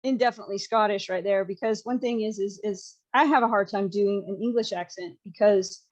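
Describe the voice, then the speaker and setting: A woman's voice: mid-range voice, fairly quick, highs cut off. A woman with a Southern American accent, hosting a podcast in casual, opinionated chat and laughing often. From Southern United States. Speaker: podcast host.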